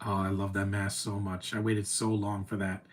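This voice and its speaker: A man's voice: on the low side, completely flat delivery, normal speed. A man live streaming his reactions to a movie, gushing and teary, rambling like an emotional fan. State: teary, choked up. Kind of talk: casual reaction commentary.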